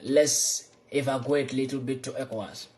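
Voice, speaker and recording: A young man giving an impassioned political monologue, fervent and repetitive, swinging between loud outbursts and low muttering. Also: steady tone, moderate pace. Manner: repeats lines for emphasis. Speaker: political vlogger.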